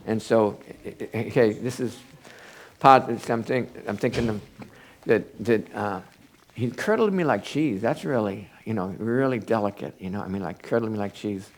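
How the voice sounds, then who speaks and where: An older man preaching an informal Bible study, halting and rambling with many restarts. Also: on the low side, lively intonation.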